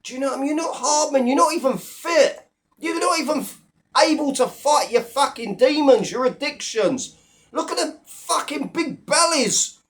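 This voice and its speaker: A man rants straight to his viewers, blunt and full of swearing. His tone stays scornful and mocking as he tears into his targets. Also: extremely high pitch. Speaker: online commentator. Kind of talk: profane rant to camera.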